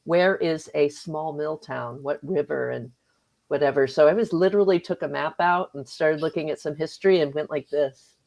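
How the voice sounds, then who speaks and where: A woman author chats easily in a casual radio interview, her voice a little low, creaky and darkish. She laughs a lot and slips into quick little voices when retelling what she once said or thought.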